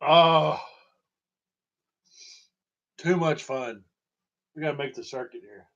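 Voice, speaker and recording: Guy spinning yarns slow and easy, laughs a lot, kinda bright edge, dull lo-fi sound. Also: a little high. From Tennessee, USA. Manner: chuckling, folksy, laughs between lines. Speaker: podcast host. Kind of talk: casual storytelling.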